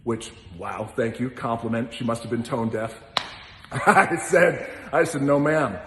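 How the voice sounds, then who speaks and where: A man's voice: medium pitch, a little slow, noisy background. A man casually telling an anecdote as a guest, acting out other people's lines and swearing freely. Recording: roomy hall with long reverb.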